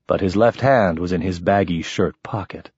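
A man narrating a first-person story in an expressive, lively manner. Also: low-pitched, moderate pace, husky, no echo, dull audio. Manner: expressive, shifting voices for characters. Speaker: audiobook narrator.

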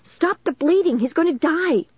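A woman's voice: animated, moderate pace, dry recording. A woman voicing a panicked teenage girl who shrieks and wails frantically. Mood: screaming. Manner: shrill, frantic wailing. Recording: dull dry recording.

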